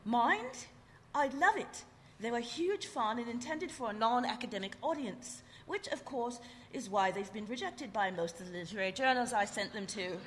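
A woman's voice: on the high side, animated, moderate pace, fairly bright tone. A woman imitating a British poet, putting on an amused, breezy British accent. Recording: long reverb and faint noise.

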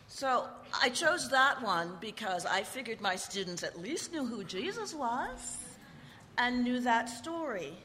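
A woman's voice: on the high side, very animated, a little slow, bright, forceful tone. A woman who teaches poetry, giving a frank, wry, conversational talk before a reading. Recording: long reverb and faint noise.

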